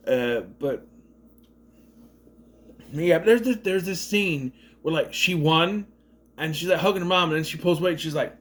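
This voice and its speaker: Rambling, animated man reviewing a movie. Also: on the high side, moderate pace. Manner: rambling, animated retelling with lots of fillers. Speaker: video reviewer. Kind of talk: casual spoken movie review.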